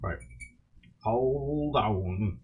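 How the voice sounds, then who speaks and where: A man streaming live, chatting casually and excitably with his viewers and laughing often. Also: mid-range voice, drawn-out words, dull audio. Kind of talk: casual live-stream chat while drawing.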